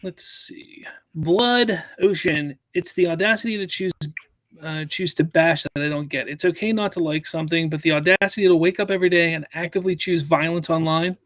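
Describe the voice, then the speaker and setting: A man hosting a casual live stream, his voice pitched a little high. He rambles in an animated way and circles back over his own words. The sound is dry and close. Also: fast, dry recording. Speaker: host.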